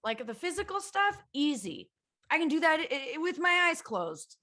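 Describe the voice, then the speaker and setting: A Canadian woman talking over a video call, her voice pitched a touch high and swinging widely as she jokes about herself. She laughs often and jumps between teasing and mock panic. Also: normal speed. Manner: animated, laughing, self-mocking. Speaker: guest. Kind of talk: casual comedic chat on a video call.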